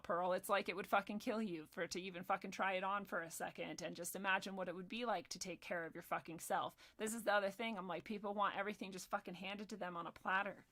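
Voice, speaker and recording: A woman's voice: medium pitch, fairly bright tone. A woman hosting a livestream, ranting in a heated, profane and sarcastic way, reading the chat now and then. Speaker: livestream host.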